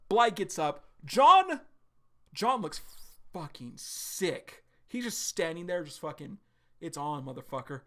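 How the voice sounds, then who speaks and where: A man streaming a live reaction to a comic, excitable and profane, rambling with lots of fillers. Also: fairly high pitch.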